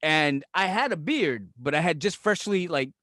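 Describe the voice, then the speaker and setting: Joking New York man with a high voice. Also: expressive, moderate pace, no echo, studio quality. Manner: loud, joking, acts out rants. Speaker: podcast co-host. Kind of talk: casual podcast chat.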